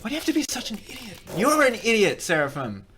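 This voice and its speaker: A man voicing a shrill male alter ego who scolds and insults him. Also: wildly swooping pitch, fast talker, noisy background. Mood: scolding. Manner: insulting, exasperated.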